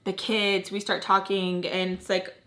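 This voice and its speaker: Bright-voiced woman telling a story. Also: mid-range voice, monotone, measured pace. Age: 30s. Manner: chatty and dramatic, leaning on fillers. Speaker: storytime vlogger. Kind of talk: casual storytelling.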